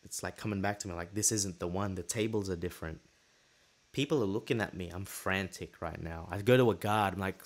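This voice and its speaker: A man hosting a podcast, telling a personal story in a casual, lively way and acting out what people said. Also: fairly low pitch, brisk. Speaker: podcast host.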